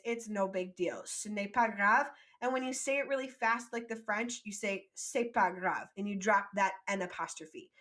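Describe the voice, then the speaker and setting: A woman teaching a French vocabulary lesson, saying each phrase slowly for learners to repeat, then explaining it quickly in English and praising them. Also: medium pitch, fairly bright tone. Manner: encouraging, prompts repetition.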